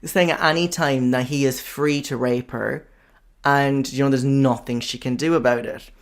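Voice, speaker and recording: A man's voice: medium pitch, steady tone, moderate pace. A man hosting a podcast, talking in a chatty, frank way, heavy on fillers and swearing. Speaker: podcast host. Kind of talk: casual podcast monologue.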